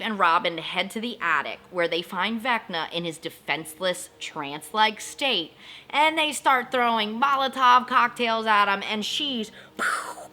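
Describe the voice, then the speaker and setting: A woman hosting a casual TV recap, chatty and emotionally invested, acting out characters' lines in quick asides. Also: medium pitch, bright, forceful tone. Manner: emotionally invested, jokes about crying. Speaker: host of a TV recap channel.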